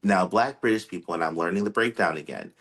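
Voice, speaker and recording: An American man with a very deep voice co-hosts a casual podcast. He tells stories with lively, animated emphasis. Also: quick pace. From United States. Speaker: podcast co-host. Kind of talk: casual chat.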